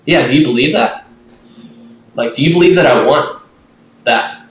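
A man doing Jesus in an everyday, relaxed way: matter-of-fact and reassuring, in a middle-pitched male voice. The recording has a roomy echo around it. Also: normal speed, a little hiss or hum, close to an everyday voice. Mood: questioning.

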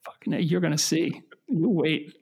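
A middle-aged man hosts a casual podcast in a husky, slightly higher voice. He stops and restarts his sentences often and keeps a wry, self-deprecating edge. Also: fairly even intonation, a little mellow. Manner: halting, self-correcting, wry. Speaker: podcast host.

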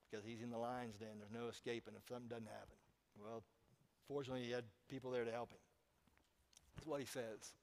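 Man preaching a sermon with stories. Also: mid-range voice. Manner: storytelling preacher, asks the congregation questions. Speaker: pastor.

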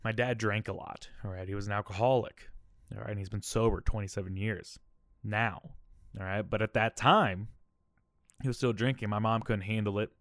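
Male podcast host, about thirty, candid and rambling as he tells a personal story, slightly low voice, dry sound. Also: fairly even intonation, normal speed, fairly bright tone, dry recording. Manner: candid, rambling, keeps adding "all right?" and "okay?".

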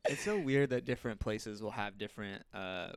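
A man's voice: fairly low pitch, fairly quick. A young man, a guest on a podcast, chatting casually in short laid-back replies. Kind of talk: casual chat.

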